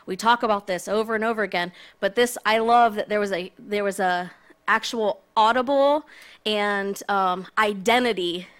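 A woman's voice: mid-range voice, normal speed, fairly bright tone. A woman filling in as preacher, giving a casual, conversational sermon with self-deprecating asides. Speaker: guest preacher.

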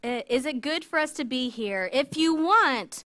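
A woman voicing an eager, flustered male disciple who rushes to please, in a storytelling lesson. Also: high voice, lively intonation, sharp tone, full character voice.

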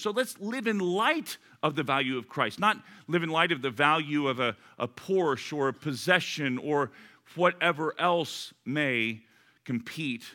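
A man, a pastor, preaching a sermon and telling a personal story, acting out both sides of the conversation. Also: fairly high pitch. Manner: animated storyteller, acts out both sides of a dialogue.

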